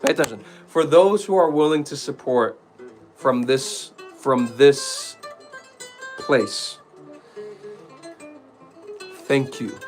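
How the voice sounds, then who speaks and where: A man's voice: mid-range voice, takes it slowly, pauses often, soft background music. A man giving an emphatic, preachy casual monologue to his viewers, rambling with restarts. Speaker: streamer talking to viewers.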